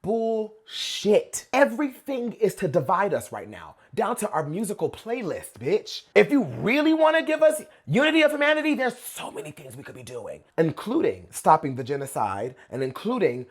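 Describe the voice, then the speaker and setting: A man's voice: high voice, huge pitch swings, normal speed, hardly any pauses, breathy edge. A man from the United States hosting a reaction commentary, blunt and sassy, with lots of slang and asides. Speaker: host and pop-culture commentator.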